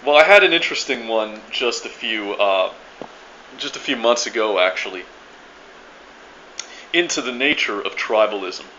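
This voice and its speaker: Man, bright forceful voice, profane rambling rant, stammers and restarts, dull muffled lo-fi sound. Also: fairly low pitch, expressive, moderate pace, long pauses, slight background noise. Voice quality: restless, many restarts and stammered repeats. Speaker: video blogger ranting to viewers.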